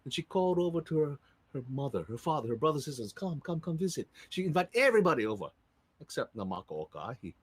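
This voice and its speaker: Man, storyteller, Hawaiian Pidgin accent, lively swinging pitch, husky, sound effects. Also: fast talker, dry recording. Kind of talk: live storytelling of legends.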